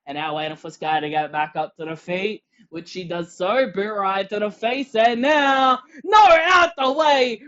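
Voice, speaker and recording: A wrestling commentator calling a match play-by-play, excitable and shouting on the big moves. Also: medium pitch, normal speed, few pauses, highs cut off.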